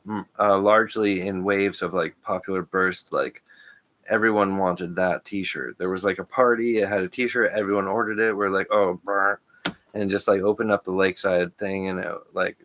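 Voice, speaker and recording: Man, low-pitched, rambling vlogger, stream-of-consciousness delivery. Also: a bit bright. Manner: stream-of-consciousness, restarts, frequent chuckles. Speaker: channel host. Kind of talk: rambling monologue to camera.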